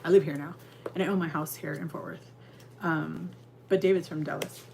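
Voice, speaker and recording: Chatty woman host, lowish voice. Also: steady tone, brisk, vocal fry, a little mellow, a little hiss or hum. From California. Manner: rambling and chatty, answering chat comments. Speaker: livestream host. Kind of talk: casual live chat with viewers. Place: home kitchen.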